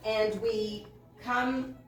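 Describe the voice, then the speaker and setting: A woman telling a lively story to an audience, acting out the voices of the people in it and laughing often. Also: a little high, noisy background. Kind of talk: animated storytelling on stage. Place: event hall with live audience. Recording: echoey hall from far off with music.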